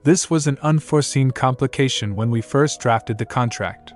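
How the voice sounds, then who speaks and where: A man's voice: mid-range voice, normal speed, soft background music, lightly acted. A man reading the lines of a polite, businesslike nobleman in his own plain voice. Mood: formal.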